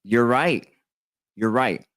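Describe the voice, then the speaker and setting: Speaking slowly in a mid-range voice with a fairly bright tone, this tattoo artist in his thirties rambles casually through a personal story for his viewers. He's full of fillers and restarts, and the recording is dry.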